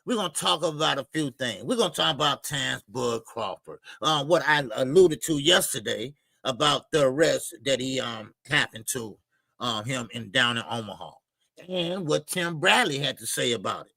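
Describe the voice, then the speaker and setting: A man's voice: medium pitch, expressive, normal speed, vocal fry, dry recording. A man hosting a casual boxing livestream, laid-back and chatty, greeting viewers by name and laughing often. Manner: loose, shout-outs to chat, laughs often.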